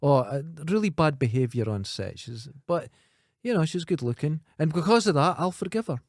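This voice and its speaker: A man with a Scottish accent co-hosting a casual podcast, blunt and jokey and quick to mock. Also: a little high, lively intonation, no room sound, studio quality. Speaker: podcast co-host.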